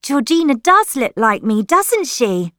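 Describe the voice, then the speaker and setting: A woman reading aloud voices an emotional young girl who pleads and then shouts at her family. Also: a little high, very animated, measured pace, dry recording, clean studio sound, pitched above the performer's own voice. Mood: eager. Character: upset young girl meeting her grandfather.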